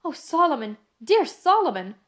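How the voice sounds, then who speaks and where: A woman's voice: high voice, expressive, brisk, voice pushed up. A woman reading the lines of a tearful, devoted Englishwoman in an audiobook, with emotional, pleading cries.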